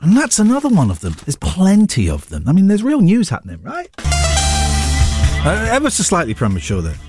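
A man's voice: high voice, wildly swooping pitch, normal speed, music in the background. A man hosting a radio show, casually chatting about newspaper stories with wry asides. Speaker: radio host.

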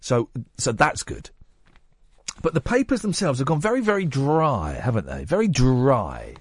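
A man's voice: a little slow, breathy edge, dry recording. A man hosting a late-night radio show in casual chat, rambling and joking. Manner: rambling, jokey, lively pitch swings. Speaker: radio host. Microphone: studio microphone.

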